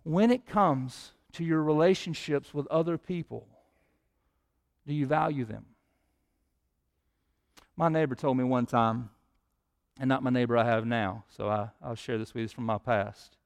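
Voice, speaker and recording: A man preaching a sermon as pastor, his voice swelling louder and higher when he prays. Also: unhurried, vocal fry, long pauses.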